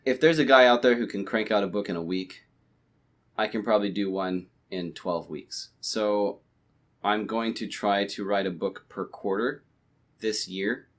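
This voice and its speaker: Low-voiced man rambling casually. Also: unhurried. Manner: rambling, many restarts and fillers. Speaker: podcast co-host. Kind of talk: casual chat. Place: home, late at night.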